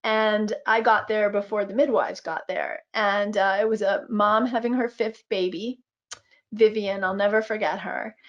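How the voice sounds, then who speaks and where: A woman in her fifties who works as a physician and midwife reflects and tells stories during a webinar video call, often using filler words. She speaks a little slowly at a medium pitch with a steady tone, and the recording loses its high frequencies.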